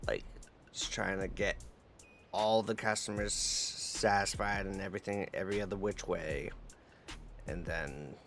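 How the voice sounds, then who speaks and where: A male livestreamer chatting casually with his viewers in a relaxed, rambling way, with many fillers. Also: low voice, a little slow, faint music behind.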